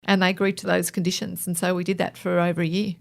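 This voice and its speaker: A woman's voice: on the low side, flat delivery, quick pace, gravelly. A middle-aged woman and former police officer, telling stories as a guest in an interview, acting out quoted dialogue with frequent laughter. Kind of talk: storytelling in a podcast interview.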